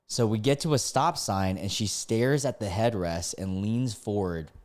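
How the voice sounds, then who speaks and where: A man's voice: lowish voice, unhurried. A young man streaming live, reading stories aloud and reacting with frequent exclamations and laughter. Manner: excitable, laughs and exclaims often.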